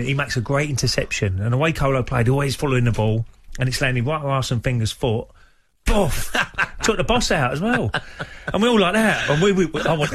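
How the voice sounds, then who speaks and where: A man telling a lively football story on the radio, animated, jumping into other people's voices and laughing as he goes. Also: mid-range voice, a little hiss or hum. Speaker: guest, former footballer.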